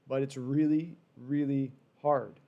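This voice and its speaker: A man hosting a fan livestream, giving rambling, animated live sports reaction with frustrated asides while reading chat. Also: medium pitch, slow, creaky, muffled recording.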